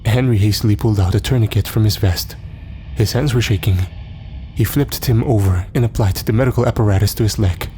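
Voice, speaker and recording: A man narrating a first-person horror story in a steady, somber way. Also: lowish voice, a little fast, a little hiss or hum.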